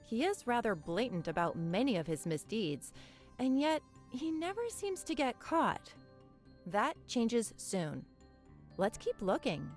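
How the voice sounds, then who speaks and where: An actress voicing a sharp, dry-witted woman investigator in a video game, with a sarcastic, wry delivery. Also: fairly high pitch, sing-song, measured pace, soft background music. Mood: sardonic.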